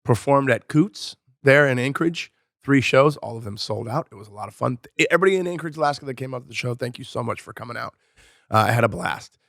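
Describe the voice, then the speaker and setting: A man's voice: mid-range voice, quick pace, gravelly, a bit bright, dry recording, clean studio sound. A man, a comedian co-hosting a podcast, telling a loose, profane story in casual chat.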